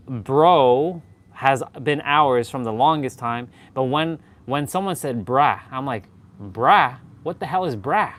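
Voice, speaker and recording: A man's voice: mid-range voice, fairly bright tone. A young man in casual chat while working out, joking and swearing loosely, repeating himself, a bit winded between sets. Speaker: fitness vlogger.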